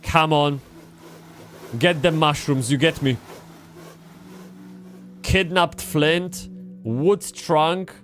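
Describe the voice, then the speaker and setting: A man's voice: a little high, extremely slow, pauses often, a bit bright, soft background music. Rambling man streaming a game. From Poland. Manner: rambling, swearing, frequent restarts. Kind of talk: casual gaming livestream chat.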